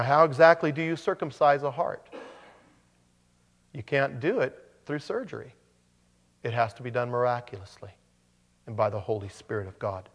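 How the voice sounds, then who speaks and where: A man preaching a sermon, animated, with joking asides and frequent restarts. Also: mid-range voice, big-room sound. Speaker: pastor.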